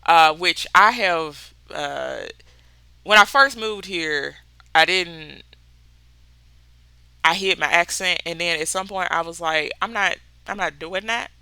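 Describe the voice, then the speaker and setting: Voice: medium pitch, slow, creaky, pauses often, bright, forceful tone, smooth, no echo. A podcast host from Mississippi with a Southern accent, talking candidly in a casual solo chat, swearing freely and laughing often. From Mississippi, USA.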